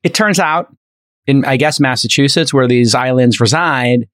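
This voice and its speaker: Man, podcast host, casual rambling anecdote, fillers and restarts, voices the people in the story, middle pitch, dry close mic. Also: moderate pace, a bit bright, dry recording.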